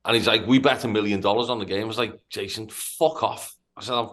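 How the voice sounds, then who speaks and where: A man from Liverpool with a Liverpool accent, telling a profane, animated story on a casual podcast. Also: on the low side, very fast. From Liverpool, England. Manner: profane, animated anecdote-telling with stammered restarts. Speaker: podcast host.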